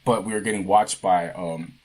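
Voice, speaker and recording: Husky-voiced laid-back man telling a story. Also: low-pitched, steady tone, normal speed, a little mellow. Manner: casual and profane, laid-back. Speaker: podcast co-host. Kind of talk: casual chat, storytelling.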